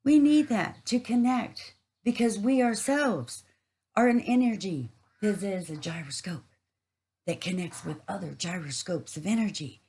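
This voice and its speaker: Husky woman rambling about the universe. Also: mid-range voice, unhurried, mellow, rough recording. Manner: rambling, earthy, swears freely. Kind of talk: casual spiritual monologue.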